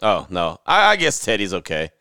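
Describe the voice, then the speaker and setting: A man co-hosting a casual sports chat in an animated, slangy, joking way. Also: sits low, moderate pace, dry recording, clean studio sound. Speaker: podcast co-host.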